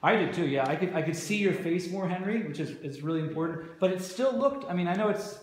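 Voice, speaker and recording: A man's voice: sits high, animated, quick pace. A male drama teacher coaching students through a rehearsal, encouraging and asking many questions. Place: school rehearsal space. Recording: very echoey room, faint noise.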